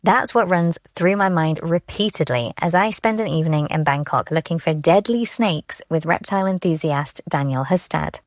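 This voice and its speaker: A woman's voice: sits low, normal speed, hardly any pauses, dry recording, studio quality. A woman correspondent narrating her radio report in a wry, first-person style. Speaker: foreign correspondent.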